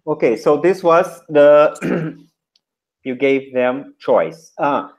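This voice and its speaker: A man giving feedback to a trainee teacher, modeling classroom instructions in short, deliberate chunks. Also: on the high side, darkish tone.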